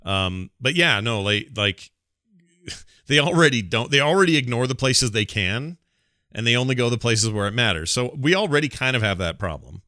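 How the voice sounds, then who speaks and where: A man hosts a call-in radio talk show in a casual, joking way, laughing easily between points. His voice is bright and pushing, recorded dry and close. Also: mid-range voice, expressive, normal speed, dry recording. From Utah.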